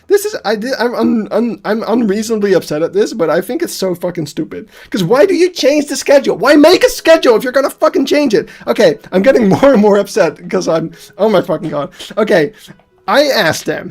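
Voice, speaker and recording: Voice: medium pitch, lively intonation, a little fast, a little mellow. A streamer, chatting casually on a live stream and ranting heatedly with plenty of swearing, laughing at themself. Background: faint background music.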